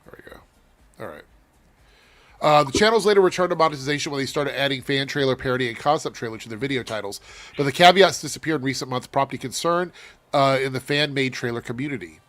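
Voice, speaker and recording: A man's voice: medium pitch, fast talker, fairly bright tone. A man hosting a casual live show, talking loosely and bluntly with frequent swearing. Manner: loose and profane, laughing. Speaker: host. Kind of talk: casual chat.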